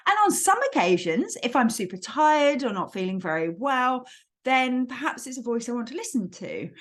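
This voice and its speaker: A woman talks solo as a coach, her voice sitting fairly high. Her delivery is lively and expressive, and her pitch moves all over the place as she explains. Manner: animated, expressive, friendly explaining. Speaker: academic life coach host. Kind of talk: solo podcast talk.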